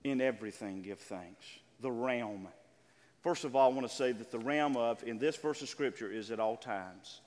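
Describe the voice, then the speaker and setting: An older man preaching a sermon as pastor, calling out to his congregation and drawing out key words slowly. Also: mid-range voice, darkish tone, long reverb tail. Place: church sanctuary.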